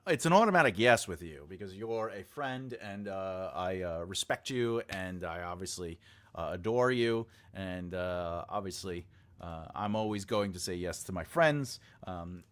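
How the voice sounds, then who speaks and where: A man with a fairly low-pitched voice hosts and teaches a live writing class. He keeps things casual and jokey with his audience, rambles through many filler sounds, and answers chat comments out loud.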